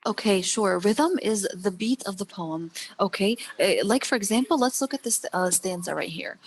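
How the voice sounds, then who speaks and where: A woman's voice: medium pitch, lively intonation, normal speed, hardly any pauses. A woman teaching an online English lesson over a video call, repeating points and checking in with "okay" after nearly every phrase. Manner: repetitive, explanatory, fills with "okay".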